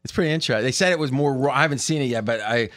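A man hosting a sports betting podcast, telling stories with lots of laughter and quick restarts. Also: medium pitch. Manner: animated storyteller, laughs often. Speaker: podcast host. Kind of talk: casual sports betting chat.

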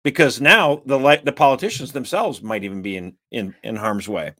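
A man hosting a political talk show, speaking in an animated, emphatic and exasperated way. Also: mid-range voice, moderate pace, no echo. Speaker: podcast host.

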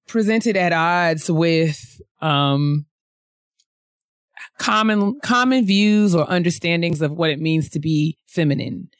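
A woman co-hosting a casual book discussion podcast, talking haltingly with many restarts and frequent laughter. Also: on the low side, dry recording, clean studio sound. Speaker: book club co-host.

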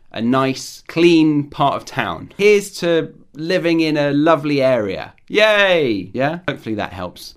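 A man hosting an English vocabulary lesson, explaining words clearly with examples in a friendly, teacherly way. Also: medium pitch.

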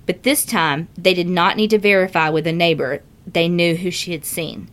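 A woman's voice: lowish voice, fairly even intonation, normal speed. A woman co-hosting a podcast, reading a listener email aloud and reacting expressively with gasps and swearing. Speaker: podcast co-host.

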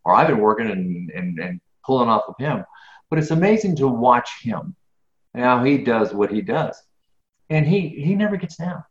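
A man's voice: mid-range voice, moderate pace. A middle-aged man talks through his answers in a loose, earnest way, doubling back on words and getting heated when something annoys him. The sound is roomy and a little dull, like a lo-fi recording in an open space. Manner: earnest, rambling, repeats words, grows animated when ranting. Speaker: guest, business speaker. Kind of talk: casual interview answers.

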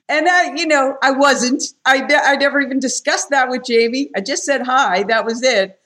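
A woman chats as a podcast guest. Her voice sits a little high, and she tells stories in a candid, animated way. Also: normal speed. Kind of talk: casual podcast conversation.

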